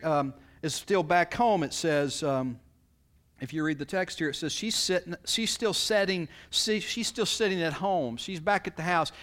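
Preaching in a folksy, conversational style, a pastor frequently acts out people's words, his pitch and loudness swinging as he quotes them.

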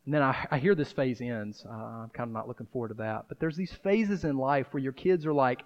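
A man's voice: mid-range voice, a little fast, highs cut off. A man preaching a sermon in a conversational style, breaking into dramatic acted asides. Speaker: pastor.

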